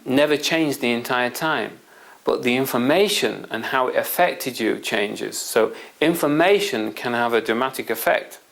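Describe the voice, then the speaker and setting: A man's voice: medium pitch, vocal fry, a bit bright, poor audio. A man presenting a self-help system, explaining his point through a rambling everyday anecdote with asides to the listener. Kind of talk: explanatory storytelling talk.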